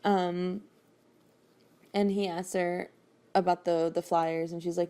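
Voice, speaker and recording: A woman's voice: fairly low pitch, flat delivery, slow pace, pauses often, mellow, smooth. A woman hosting a podcast, casually recapping a book in a chatty, rambling way. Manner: chatty, rambling, with frequent fillers and laughs. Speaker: podcast host recapping a novel. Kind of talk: casual chat.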